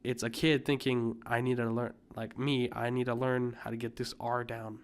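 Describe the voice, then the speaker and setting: A young American man co-hosts a podcast in casual chat, speaking at medium pitch and normal speed with a flat delivery. He rambles, with lots of fillers and restarts, and coughs now and then over slight background noise.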